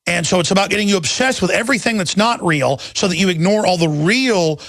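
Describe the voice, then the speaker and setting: Talk radio host, man: high gravelly voice, ranting and sarcastic, dry studio sound. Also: fairly quick, fairly bright tone, dry recording. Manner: ranting, sarcastic, frequent restarts and pitch jumps. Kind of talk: animated political monologue.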